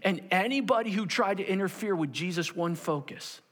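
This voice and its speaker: A man preaching a sermon to a congregation, animated and acting out the scenes of the story in different voices. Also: sits high, normal speed, in a large hall. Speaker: pastor.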